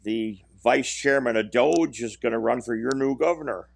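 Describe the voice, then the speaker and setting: Homem de com voz áspera. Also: male voice, medium pitch, moderate pace, creaky, no echo. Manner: brief agreeing interjections. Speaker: podcast co-host. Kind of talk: casual political chat.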